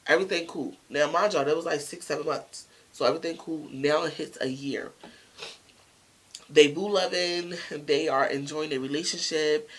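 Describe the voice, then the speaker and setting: Gravelly-voiced woman telling a story. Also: sits low, normal speed. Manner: slangy, animated retelling with lots of quoted dialogue. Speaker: vlogger. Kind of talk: casual storytime.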